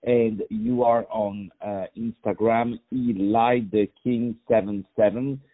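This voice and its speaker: A man's voice: lowish voice, fairly even intonation, slow pace. A man hosting a casual radio interview, joking and stopping often with fillers. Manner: jokey, many fillers. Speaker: radio host. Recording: muffled lo-fi recording.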